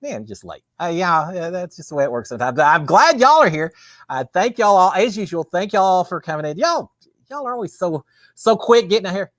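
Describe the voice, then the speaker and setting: A man's voice: sits high, expressive, brisk, fairly bright tone, no echo, studio quality. A man with a Texan accent hosting a casual live-stream chat, folksy and chatty, greeting viewers and reading their comments. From Texas. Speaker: livestream host. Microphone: webcam with green screen.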